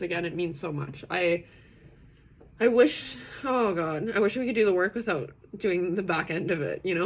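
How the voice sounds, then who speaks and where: Thirties woman hosting a live stream, lowish voice with vocal fry, chatty and quick to laugh. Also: slight background noise. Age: 30s. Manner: chatty and warm-hearted, laughs often, talks in rambling restarts. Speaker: host of a live self-acceptance session. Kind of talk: casual live-stream talk, reading chat comments.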